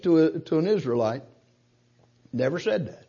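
A man preaching a sermon, slowing down and rising in force when he quotes scripture. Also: a little high, expressive, dark tone, slightly rough, dull audio. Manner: emphatic preaching, slows and rises to quote scripture.

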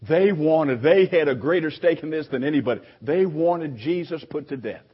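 Husky preacher with animated delivery. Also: male voice, on the high side, normal speed. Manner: conversational preaching with repeated restarts, animated quoting. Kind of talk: sermon. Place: church sanctuary. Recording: dull lo-fi recording.

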